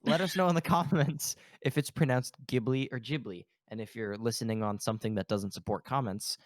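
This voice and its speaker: A man's voice: mid-range voice, brisk, no room sound, studio quality. A young man co-hosting a casual podcast, joking and rambling with restarts. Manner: joking, rambling, self-interrupting. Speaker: podcast co-host.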